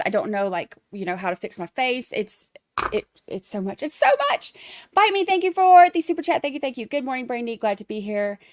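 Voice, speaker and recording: A woman hosts a casual livestream, talking with viewers and reading their messages out loud with lots of fillers. Her fairly high voice has a darkish tone, and the recording is dry, clean studio sound.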